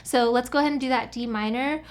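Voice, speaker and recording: A woman's voice: on the high side, steady tone, quick pace. A woman teaching a beginner guitar lesson step by step, counting the beats aloud as she strums. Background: acoustic guitar playing.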